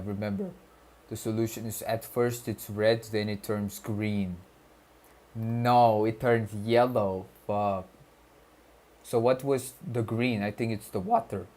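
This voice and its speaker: Slow man with a put-on Arabic accent. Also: on the low side, a little mellow. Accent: put-on Arabic-style accent. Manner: slangy and loose, reads chat aloud, swears, stumbles over words. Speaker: streamer studying on stream. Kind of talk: casual study livestream, chatting with viewers.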